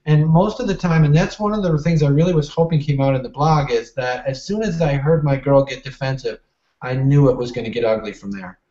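A man's voice: mid-range voice, a little fast, warm tone, reverberant, lo-fi sound. A man talking as an interview guest and customer service manager, earnest and explanatory in manner. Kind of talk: casual interview talk.

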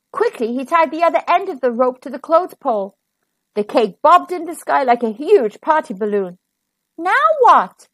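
A woman reading a children's storybook aloud in an expressive, animated way. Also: high-pitched, no room sound.

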